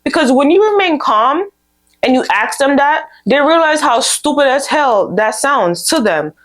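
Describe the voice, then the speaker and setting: A young woman hosting a vlog, giving candid, casual advice and telling stories with lively quoted dialogue. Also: high-pitched, unhurried. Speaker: vlog host. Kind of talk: casual advice talk to camera.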